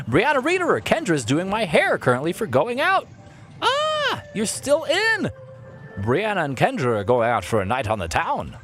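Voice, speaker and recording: Young guy doing live game commentary, goofy and chatty, voice bouncing all over the place. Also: mid-range voice. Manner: playful, animated, jokes with chat. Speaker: let's play streamer. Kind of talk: live-streamed gameplay commentary.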